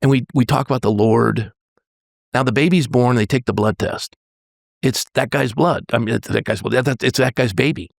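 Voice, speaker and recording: Gravelly man telling his story. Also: medium pitch, no room sound. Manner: earnest, halting, with frequent restarts and quoted dialogue. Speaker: pastor and podcast guest. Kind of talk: personal storytelling in a podcast conversation.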